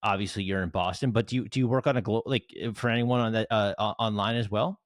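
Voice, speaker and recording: A man's voice: lowish voice, fairly even intonation, fast talker, no echo. Chatty male podcast host, dry sound. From South Jersey, United States. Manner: chatty, rambling, many fillers and restarts. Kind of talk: casual interview chat.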